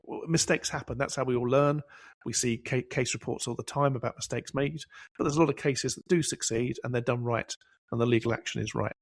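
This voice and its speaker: A man's voice: mid-range voice, no echo. A man hosting a professional podcast discussion, telling anecdotes and driving points home with repetition. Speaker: podcast host.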